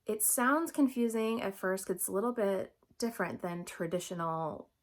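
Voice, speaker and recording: A woman's voice: mid-range voice, expressive, normal speed. A young adult woman talking through a makeup tutorial in a chatty, upbeat, instructive way. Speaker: makeup vlogger.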